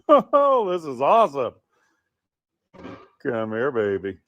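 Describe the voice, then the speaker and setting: A man's voice: mid-range voice, huge pitch swings, slow. A man filming a casual home video, cooing at his pet in doting baby talk.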